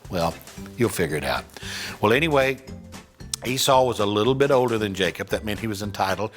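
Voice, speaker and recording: Man, ventriloquist guest, children's Bible lesson, chatty and patient, lively pitch. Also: fairly quick, faint music behind. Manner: chatty, patient, laughing often.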